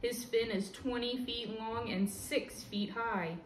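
Woman reading a picture book, slow and roomy. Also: on the high side, a little hiss or hum. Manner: lively, expressive read-aloud. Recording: roomy echo with faint ambience.

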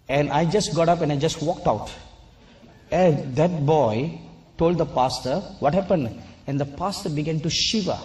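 A man preaching a sermon and telling a personal story, slow and deliberate, at times scolding the audience. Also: fairly high pitch, dark tone.

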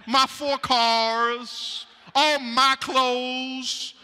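A man acting out an arrogant ancient king who brags loudly and slowly about all he has built, heard in an echoey church sanctuary. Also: very high voice, little pitch movement, heavily acted. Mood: bragging. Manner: grandiose, loud and drawn out.

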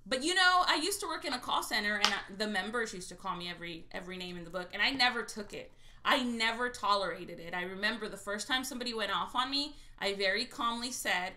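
Her medium-pitched voice is sharp, fast, and full of lively intonation as she runs a livestream scratching lottery tickets. Reading viewers' names aloud, she tells casual stories in a blunt, salty way and curses freely.

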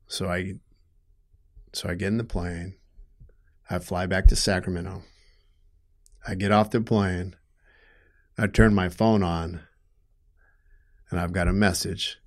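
A middle-aged man with a somewhat low voice recounts a hard family story in conversation. He speaks haltingly and with feeling, restarts his sentences, and turns loud and heated when upset. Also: steady tone. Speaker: guest telling his story. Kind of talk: personal storytelling in an interview.

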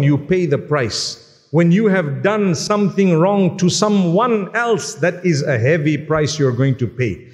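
A man's voice: on the high side, a little mellow. A man preaching a sermon, earnest and exhorting, telling stories with quoted dialogue. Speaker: Islamic preacher. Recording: long hall reverb.

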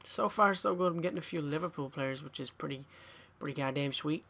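Young gamer, tired and sweary, mutters his way through a pack opening in a fairly high voice. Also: brisk, gravelly, pushed and bright, slight background noise. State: tired, yawning. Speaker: gaming YouTuber.

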